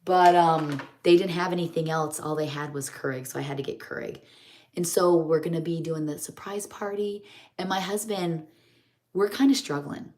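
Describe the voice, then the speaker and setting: A woman's voice: low voice, moderate pace, darkish tone. A middle-aged woman chats in a rambling, homey way while doing her makeup on a live stream. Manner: rambling, homey, chatty storytelling.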